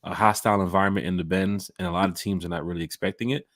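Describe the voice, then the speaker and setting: A man hosting a fan podcast in casual chat, telling stories with lively acted-out quotes on a home mic and camera. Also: deep voice, rapid-fire, no room sound, clean studio sound. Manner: animated storyteller acting out quotes. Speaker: podcast host.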